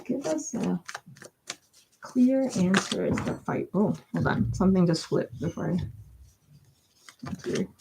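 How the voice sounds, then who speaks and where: A woman's voice: on the low side, noisy background. A woman doing a chatty live-stream tarot reading, thinking aloud with lots of fillers and giggling now and then. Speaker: tarot reader. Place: home.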